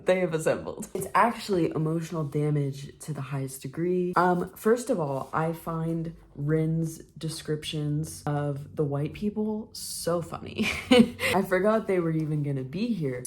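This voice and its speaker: A woman filming a casual reading vlog, reacting live to a book, jumping between hushed asides and loud, swearing outbursts. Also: sits low, measured pace. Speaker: book vlogger.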